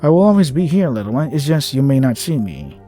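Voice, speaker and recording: A weary, tender old creature with many spindly limbs speaks softly and soothingly, as a man voices it. The tone stays mellow and warm. Faint music plays behind it. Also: medium pitch, sing-song, lightly acted. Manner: slow, soft and soothing. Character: ancient gentle spider-like creature, tender and weary.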